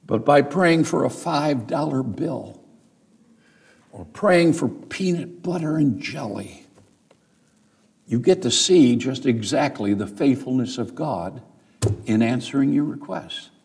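A man's voice: medium pitch, expressive, slow, vocal fry, a little mellow. A man preaching a sermon as pastor, speaking earnestly to his congregation, telling stories and building to emphatic peaks. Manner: addresses the congregation directly, with storytelling asides.

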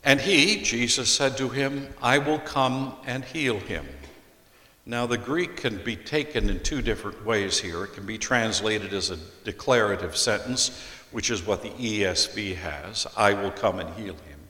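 A man preaching an expository sermon as a pastor, deliberately reading scripture aloud and explaining it. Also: fairly low pitch, sharp tone. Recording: echoey hall with long reverb.

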